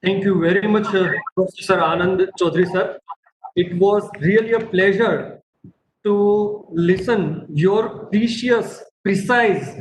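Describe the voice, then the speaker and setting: High-voiced Indian moderator, roomy sound. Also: male voice. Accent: Indian English. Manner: formal and effusive, with respectful 'sir'. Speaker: webinar moderator. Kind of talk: formal vote of thanks. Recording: roomy sound with faint background noise.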